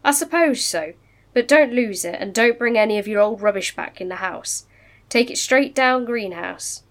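A woman's voice: a little high, lively intonation, moderate pace. A woman reading a fussy, anxious wartime mother's lines.

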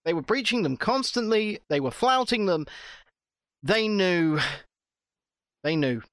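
Lively bright-voiced British man. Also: sits high, measured pace, no echo, studio quality. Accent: British English. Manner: animated, swearing, restarts. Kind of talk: casual chat, storytelling.

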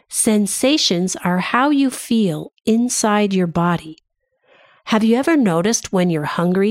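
A woman leading a gentle mindfulness lesson for children, asking soothing questions in a sing-song way. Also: mid-range voice, no room sound. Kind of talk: guided mindfulness lesson for kids.

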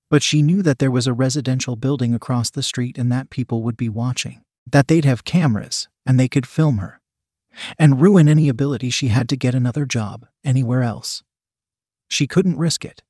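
A man narrating an erotic audiobook in a steady, even storytelling read. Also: mid-range voice, normal speed, dry recording, studio quality.

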